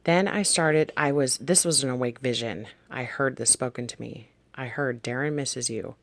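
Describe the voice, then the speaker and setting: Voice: medium pitch, normal speed, vocal fry, no room sound. A vlog host casually recounting dreams and visions from a notebook, wandering and correcting themselves while talking straight to viewers. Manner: meandering, self-correcting, addresses viewers directly. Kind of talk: casual spoken testimony read from a notebook.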